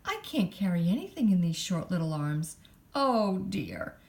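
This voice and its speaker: A woman voicing a timid mother kangaroo with a high, squeaky, pleading voice, in a picture book read aloud. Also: very animated, a little slow, vocal fry, darkish tone, exaggerated voice. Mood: tearful.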